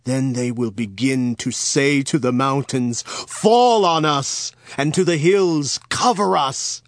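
An actor playing Jesus in a dramatized scripture reading, speaking in a slow, solemn, measured way. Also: male voice, mid-range voice, no echo. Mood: sorrowful. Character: Jesus, a grave, gentle man speaking slowly.

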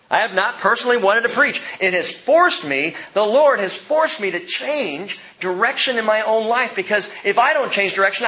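A male pastor preaches a verse-by-verse sermon with emphasis, his voice swinging between soft and loud. His pitch sits high, and the recording has a lo-fi quality.

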